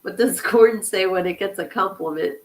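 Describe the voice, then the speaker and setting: A woman's voice: medium pitch, moderate pace, low-quality recording. A woman hosting a casual livestream podcast, giggling as she reads corny jokes from the chat. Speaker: podcast host.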